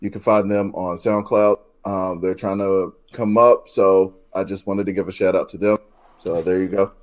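A man's voice: sits low, flat delivery, normal speed. Flustered man plugging his pages. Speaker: podcast co-host. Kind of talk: casual chat.

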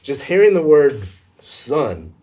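Husky, halting Christian man. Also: on the high side, sing-song, a little mellow. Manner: emotional, halting, full of fillers. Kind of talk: casual faith conversation.

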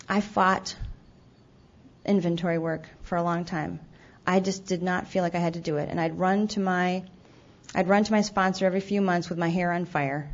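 A woman giving a candid, self-deprecating recovery talk, stumbling over restarts now and then. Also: lowish voice. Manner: acts out her own past remarks. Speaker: speaker sharing her recovery story. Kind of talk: personal testimony talk. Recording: dull lo-fi event recording.

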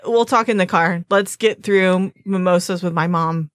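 A woman playing a tabletop game in character, hesitant, relaxed and casually swearing. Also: fairly low pitch, moderate pace, dry recording, studio quality. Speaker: player.

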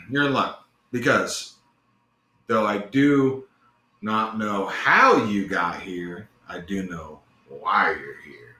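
A man's voice: on the low side, takes it slowly, pushed and bright. A man voicing a cunning, easygoing male wizard who talks in a casual, slangy way, recorded in an echoey room. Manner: casual, slangy, mumbling asides.

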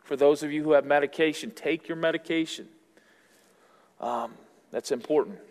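A male pastor giving an earnest sermon, building up loud and then dropping almost to a whisper. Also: a little high, normal speed. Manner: earnest preaching, swells loud then drops to near-whisper. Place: church sanctuary. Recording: long hall reverb.

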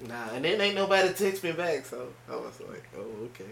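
A man's voice: fairly high pitch, animated, brisk, gravelly, a bit bright. A man telling his side of a story in a casual podcast chat with friends, laid-back. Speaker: podcast co-host. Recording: echoey room, faint noise.

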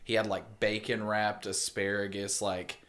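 A man's voice: lowish voice, little pitch movement, unhurried, fairly bright tone. A man telling laid-back stories in casual chat, swearing and laughing often. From United States.

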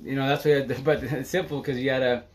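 Fast-talking, excitable man live streaming. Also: medium pitch, slight background noise. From Seattle area. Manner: fast, excitable, slangy and profane with constant fillers. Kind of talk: casual Facebook Live monologue.

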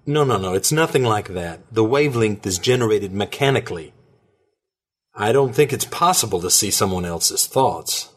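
A man with a husky voice voicing a calm, formal male scientist who speaks politely and precisely, with small hesitations, in a storybook reading. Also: lowish voice, moderate pace. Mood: measured.

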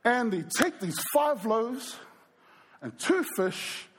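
A male preacher telling stories during a sermon, animated and speaking straight to the crowd. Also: extremely high pitch, slow, slight background noise. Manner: animated storyteller who acts out quoted voices and addresses the crowd. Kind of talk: storytelling sermon.

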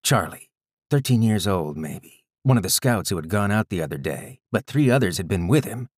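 A man reading a first-person story aloud in a measured, gritty storytelling manner. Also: fairly low pitch, lively intonation, no echo, studio quality. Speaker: audiobook narrator. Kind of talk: scripted first-person narration.

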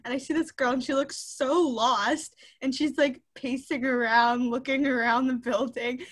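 A woman's voice: high-pitched, moderate pace, few pauses. A young woman telling a story in a casual chat with friends, acting out what others said. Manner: lively storyteller who acts out the people she quotes. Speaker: podcast co-host.

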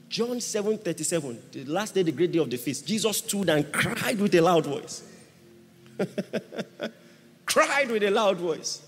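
A man preaching a sermon, emphatic, swinging from hushed asides to shouted exhortation. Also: sits high, lively intonation, unhurried, pauses often, breathy edge, soft background music. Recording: long reverb of a large hall.

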